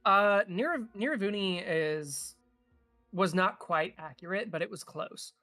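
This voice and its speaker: A man's voice: high voice, takes it slowly, bright, forceful tone, no room sound, soft background music. A man narrating a tabletop game as game master, hesitant and full of filler sounds.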